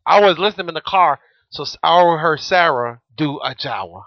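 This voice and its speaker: A man in his thirties co-hosts a podcast, spinning profane, joking stories in animated casual chat. His voice is a little high and fairly quick, and the dry recording has a muffled lo-fi quality.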